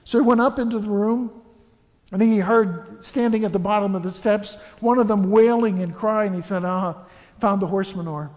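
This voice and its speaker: A man's voice: sits high, steady tone, moderate pace, darkish tone. A man giving an earnest funeral homily in a church, telling stories and often restarting his sentences. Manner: earnest, anecdotal, frequent restarts. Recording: reverberant church.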